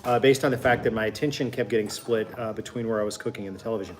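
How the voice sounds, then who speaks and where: A man's voice: lowish voice, fairly even intonation, rapid-fire, noisy background. Wisecracking profane male cooking host. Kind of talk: casual cooking banter.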